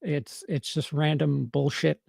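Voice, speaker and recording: A man's voice: fairly high pitch, level tone, unhurried, gravelly, a little mellow, no room sound, studio quality. A man with a New York accent chatting casually on a livestream, answering his chat with lots of stammered restarts and fillers.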